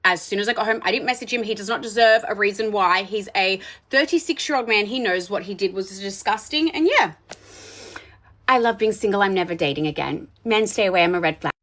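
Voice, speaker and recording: A woman in her thirties telling a bad-date story in a casual storytime monologue, blunt and animated, swearing freely. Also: mid-range voice, a little fast.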